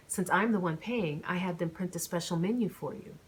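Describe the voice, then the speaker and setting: A smooth, self-assured young man who tries to steer the evening, as a woman reading an audiobook voices him. His lines are calm but pointed, with a guarded edge. He stays controlling and a little cagey. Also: on the low side, a little fast, lightly acted, rough recording. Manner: smooth, presumptuous.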